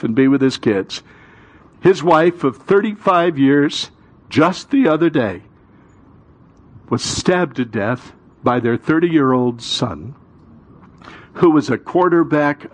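A male pastor preaching a sermon, building to loud emphatic peaks and calling the congregation to repeat after him. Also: medium pitch.

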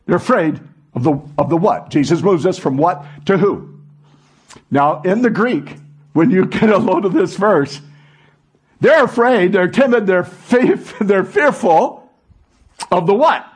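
Husky, animated preaching man. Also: high-pitched, unhurried. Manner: animated preaching with call-and-response questions. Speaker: pastor. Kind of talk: sermon.

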